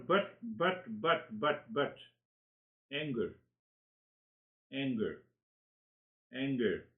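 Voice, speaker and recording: A man with an ordinary middle-pitched voice gives a spiritual lecture to seekers, animated and searching, and the sound is phone quality. He repeats words like "you, you" while reaching for his next thought. He acts out inner dialogues with sudden laughs.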